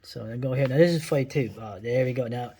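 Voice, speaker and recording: A man's voice: mid-range voice, quick pace, dark tone, a little hiss or hum. A man in his forties with a New York accent, talking through old cartoons in a rambling, blunt way full of asides and tag questions. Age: 40s. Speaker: video host. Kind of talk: casual commentary.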